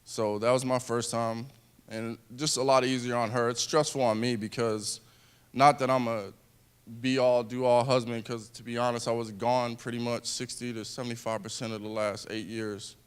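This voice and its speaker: Smooth-voiced man telling his story. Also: medium pitch, level tone. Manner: earnest, halting, with restarts. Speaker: wounded veteran speaker. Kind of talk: personal speech to an audience.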